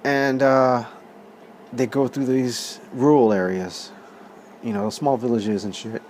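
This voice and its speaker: A man's voice: medium pitch, slow, a little hiss or hum. A man in his thirties telling a story in a rambling, casual way, with lots of swearing and laughter. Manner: profane, animated, laughs often. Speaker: vlog host.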